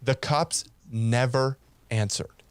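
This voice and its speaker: A man's voice: medium pitch, takes it slowly, clear, resonant tone, dry recording. A man co-hosting a podcast, casually telling a rambling story and acting out both sides of an argument. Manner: rambling, animated retelling with laughs. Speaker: podcast co-host.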